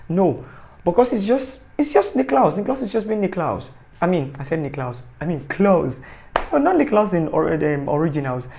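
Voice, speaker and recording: A man's voice: sits high, very animated, normal speed, creaky, darkish tone, a little hiss or hum. A man giving a casual, rambling, joking review of a TV series, often correcting himself. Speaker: TV show reviewer.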